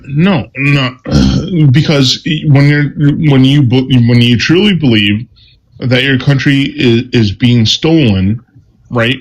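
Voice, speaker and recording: Halting, defensive young-sounding man. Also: medium pitch, rough recording. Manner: halting, repeats "dude" and restarts under pressure. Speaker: panelist. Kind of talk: heated political debate. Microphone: phone on a live stream.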